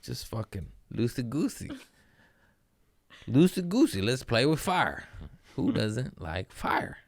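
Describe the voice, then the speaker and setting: A man's voice: mid-range voice, big pitch swings, slow pace, gravelly, fairly bright tone, dry recording, clean studio sound. A man hosting a comedy podcast, telling profane stories in a rambling, joking way and slipping into silly voices. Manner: profane, jokey, bursts into silly put-on voices. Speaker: comedian host.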